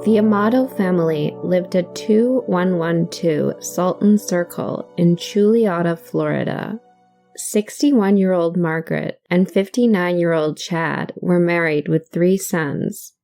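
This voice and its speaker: A woman's voice: on the low side, slow, creaky, warm tone, soft background music. A woman with a cold and a nasal voice, guest hosting a true crime podcast in scripted narration.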